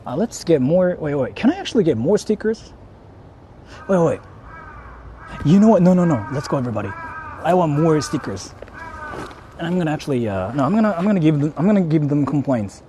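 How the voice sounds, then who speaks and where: A man's voice: a little high, mellow, a little hiss or hum. Young man swearing through a city vlog. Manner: swearing, laughing, repeating himself. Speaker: vlogger. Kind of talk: casual IRL vlog. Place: outdoors in a city.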